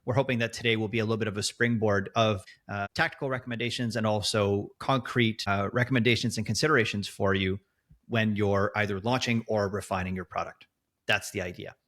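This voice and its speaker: A man's voice: on the low side, fairly even intonation, a little fast, fairly bright tone. A man hosting a podcast in casual conversation, laughing easily and rambling through long restarted sentences. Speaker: podcast host.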